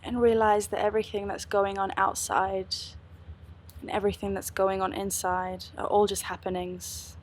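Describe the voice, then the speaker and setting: A woman yoga teacher guides a meditation in a slow, soft-spoken way. Her pitch sits in a middle range and barely moves, which keeps the delivery steady and even.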